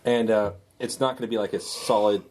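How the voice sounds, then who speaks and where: A man's voice: on the low side, fairly even intonation, a little fast, darkish tone, a little hiss or hum. A man playing a tabletop game, talking wryly and sarcastically. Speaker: player.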